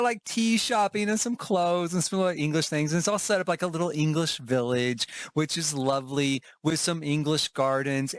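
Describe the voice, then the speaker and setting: Reviewing theme park food and shops for his travel vlog, an Oklahoma man rambles casually, restarting sentences, laughing and wandering into asides. He has a fairly high, fairly bright voice, with no room sound on the recording.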